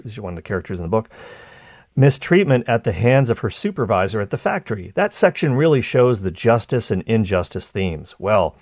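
A man talking through a story in a chatty, rambling way, often restarting his sentences and wandering into asides. His voice sits on the low side. The sound is close and dry, with no room echo. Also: very animated, fairly quick, darkish tone. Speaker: commentator. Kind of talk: casual commentary reading aloud from a transcript.

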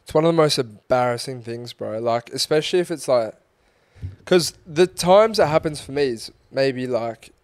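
A man co-hosting a podcast in lively, swearing banter. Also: medium pitch, normal speed, no room sound. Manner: animated, swearing, agreeing banter. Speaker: podcast co-host. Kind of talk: casual chat.

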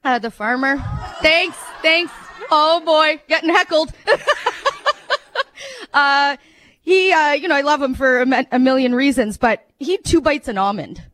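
A woman with a fairly high voice performs a shaky stand-up routine. She giggles nervously, trails off and mocks her own jokes as she rambles on. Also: a little slow, a bit bright, no room sound. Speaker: radio host doing stand-up. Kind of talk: nervous amateur stand-up set.

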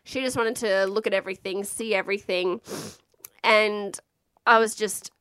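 A woman in her thirties tells a personal story in a relaxed, candid way, with plenty of fillers and casual swearing. Her voice sits at a middle pitch. The sound is close and dry. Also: normal speed, clear, resonant tone, no room sound. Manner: frank, chatty, swears freely, lots of fillers. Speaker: mother telling her birth story.

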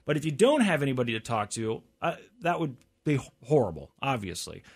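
A man's voice: medium pitch, big pitch swings, a little fast, slightly rough. A man in his thirties co-hosting a casual chat, easygoing and rambling, with frequent restarts. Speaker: co-host.

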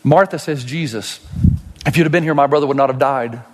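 A man preaching a sermon as pastor, dramatic, rising to loud high outbursts and dropping to slow hushed passages. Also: big-room sound, slight background noise.

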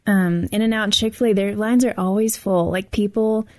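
A woman co-hosts a talk show and joins in with chatty remarks. Her voice is at an average pitch for a woman. The sound is dry and close, and she uses many "like" fillers. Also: fairly even intonation, normal speed, a little mellow, no echo. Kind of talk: casual chat.

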